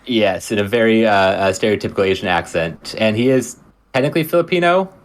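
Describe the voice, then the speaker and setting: Low-voiced male co-host, easygoing, short agreeing replies. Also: animated, fairly quick. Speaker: podcast co-host reviewing a film. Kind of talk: casual chat.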